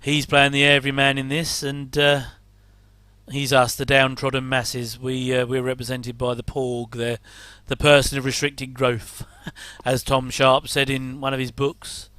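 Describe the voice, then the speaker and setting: Chatty English man, bright crisp voice. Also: medium pitch, monotone, unhurried, no echo. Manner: rambling, chatty, self-deprecating asides. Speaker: host. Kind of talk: casual reaction commentary.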